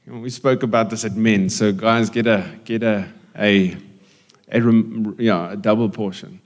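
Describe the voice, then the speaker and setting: A man's voice: on the low side, normal speed. A man preaching a conversational sermon to his congregation, joking with people and slipping into Afrikaans. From South Africa. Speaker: pastor. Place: church hall. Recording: long reverb of a church hall.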